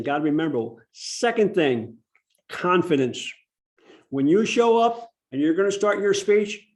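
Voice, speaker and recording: Male workshop presenter, slightly high voice, demonstrative teaching delivery, video-call sound. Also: a little mellow. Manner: demonstrative, slows down to stress key words. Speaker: public speaking workshop presenter. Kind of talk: instructive online workshop talk.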